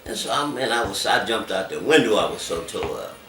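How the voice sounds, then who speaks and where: A man telling his life story in an interview, animated and acting out other people's voices as he talks. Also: fairly low pitch, a little fast, slight background noise. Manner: animated, acts out voices in quotes. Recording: echoey room, distant mic, music behind.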